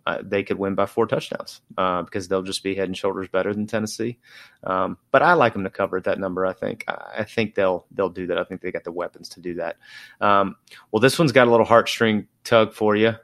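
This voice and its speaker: A man hosts a casual sports podcast in a low-pitched voice. He talks loosely, with frequent ums and restarts, and laughs easily. The sound is dry and close. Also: fairly quick, a bit bright, no room sound. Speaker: podcast host.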